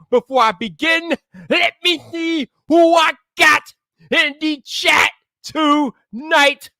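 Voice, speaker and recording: Male streamer host, very high bright voice, playful hype energy, dry close sound. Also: steady tone, slow, creaky, no echo. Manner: hyped, playful, shouts greetings to chat. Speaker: tech live stream host. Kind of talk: casual live stream chat.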